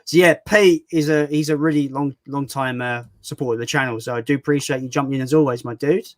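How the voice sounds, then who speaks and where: A man hosting a casual livestream chat, talkative and quick to laugh. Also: mid-range voice, fairly even intonation, no room sound. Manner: chatty, laughs often. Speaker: YouTube channel host.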